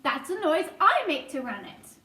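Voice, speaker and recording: A proud little male mouse from a storybook begs and insists, his voice pitched high and urgent, as a woman puts him on. The sound is roomy, with a faint hiss behind it. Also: sing-song, normal speed, sharp tone, exaggerated voice. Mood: insistent. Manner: pleading and insistent.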